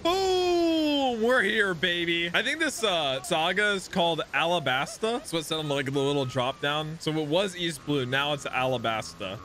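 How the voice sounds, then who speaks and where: A young man hosting a casual anime reaction video, excitable and exclaiming, swinging between hype and dismay. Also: a little high, normal speed, hardly any pauses, slight background noise.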